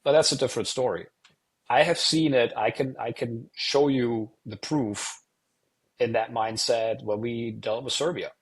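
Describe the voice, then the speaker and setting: A man's voice: medium pitch, fairly even intonation, a little slow, breathy edge. A middle-aged man from Germany, a guest on an interview show, telling stories in a rambling way full of "you know" fillers. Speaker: guest, retired air force officer and wargamer. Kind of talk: casual interview storytelling.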